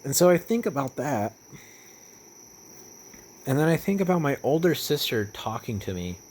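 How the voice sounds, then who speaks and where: A young man talking in a casual vlog monologue, rambling with lots of fillers and swearing, getting animated as he retells stories. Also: mid-range voice, moderate pace, slight background noise. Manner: rambling, profane, with many fillers and restarts. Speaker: vlogger.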